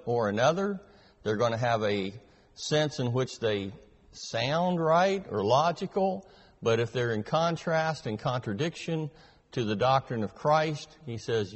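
A man leading a Bible class, teaching verse by verse in a measured way with frequent filler pauses. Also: mid-range voice, in a large hall. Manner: measured, hesitant with many fillers.

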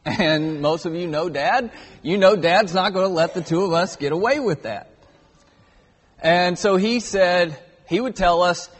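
High-voiced preacher in a reverberant hall. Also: male voice, unhurried. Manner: earnest, builds emphasis on key words. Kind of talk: sermon. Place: church auditorium.

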